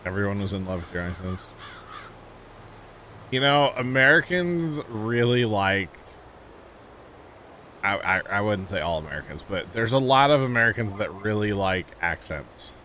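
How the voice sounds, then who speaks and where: Chatting casually with viewers while he plays, a Missouri streamer with a St. Louis accent rambles and laughs easily. His voice is on the low side with lively intonation and a sharp tone, and he talks at normal speed with long pauses. A little hiss or hum is audible.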